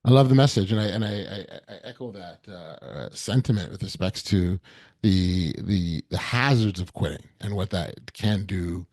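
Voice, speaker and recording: A man's voice: low-pitched, normal speed, darkish tone, no room sound. A man hosting a podcast, asking a question in a hesitant way that stumbles over words. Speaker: podcast host. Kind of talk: interview questions.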